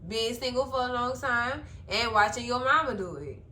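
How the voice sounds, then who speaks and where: A high-pitched woman with a bright, ringing voice chats expressively to her viewers as she recaps a TV episode. The sound carries an echo from the room around her. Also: moderate pace, a little hiss or hum. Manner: chatty and expressive, talks straight to viewers. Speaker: TV recap vlogger. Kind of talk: casual recap chat.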